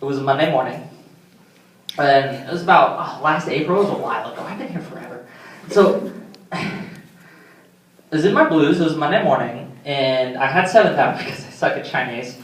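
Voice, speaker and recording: A man's voice: medium pitch, animated, moderate pace, pauses often, slight background noise. Young man telling rambling comic stories. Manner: rambling, self-deprecating, many fillers. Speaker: stand-up comedian. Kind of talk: stand-up comedy storytelling. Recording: roomy hall, mic from far off.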